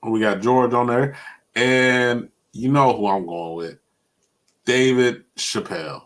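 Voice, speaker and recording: A man's voice: mid-range voice, slow. A man hosting a casual podcast chat, rambling and retelling comedy bits. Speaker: podcast host.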